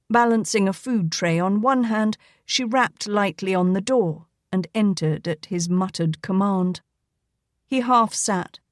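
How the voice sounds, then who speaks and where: A woman's voice: mid-range voice, a little mellow, no room sound, studio quality. Woman narrating a romance novel. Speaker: audiobook narrator. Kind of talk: scripted narration.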